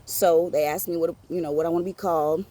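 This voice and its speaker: A woman telling a personal story on her podcast in an animated, profane, streetwise way. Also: low voice, quick pace. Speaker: podcast host.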